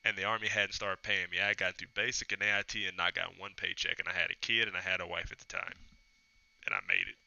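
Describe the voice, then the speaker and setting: Bright-voiced man telling stories. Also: low-pitched, fast, creaky, no echo. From Tennessee, US. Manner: reflective, storytelling, acts out quoted dialogue. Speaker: podcast guest. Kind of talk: casual interview chat. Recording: dull lo-fi sound.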